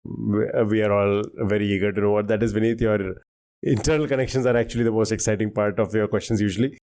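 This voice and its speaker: A man's voice: lowish voice, steady tone, fast, a little mellow. A man from India on a quiz podcast, guessing answers aloud in a jokey, casual way. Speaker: quiz co-host.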